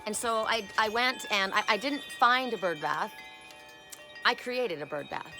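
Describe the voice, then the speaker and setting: Over music and the tinkle of wind chimes, a woman who reads oracle cards shows off her yard in a casual spiritual vlog. Her medium-pitched voice moves a little slowly, and she rambles warmly, repeating herself as she goes.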